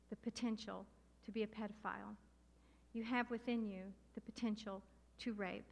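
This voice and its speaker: A middle-aged woman preaching a sermon with passion and emphasis, slowing down to stress key words. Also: mid-range voice, steady tone, creaky. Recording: long hall reverb.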